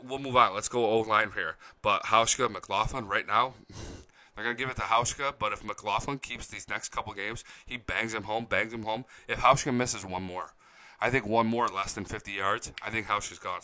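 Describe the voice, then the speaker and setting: A young man hosting a casual live-stream fan chat, excitable and profane, reading viewer comments aloud. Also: fairly low pitch. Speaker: fan show host.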